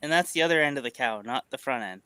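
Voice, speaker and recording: Easygoing male co-host, mid pitch, smooth and bright, casual chat. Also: animated, fast, dry recording.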